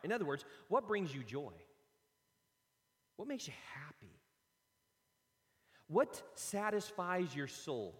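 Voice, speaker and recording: A man preaching a sermon, telling lively personal stories and acting them out. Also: a little high, slow pace, long pauses. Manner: animated storytelling, acts out his own stories. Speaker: pastor. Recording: long hall reverb.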